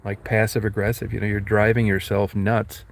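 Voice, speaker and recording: Blunt, swearing man with a low voice. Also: little pitch movement, moderate pace, a little hiss or hum. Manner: blunt, profane storytelling with acted quotes. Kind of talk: casual rambling chat.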